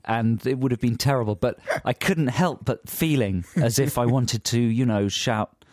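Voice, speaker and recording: A man rambles through a comic story at a mid pitch, mocking himself as he goes. His voice sits close to the mic in a dry studio with no room sound. He talks casually, like a co-host on a chat show. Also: moderate pace, a little mellow, no room sound. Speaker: radio comedy co-host.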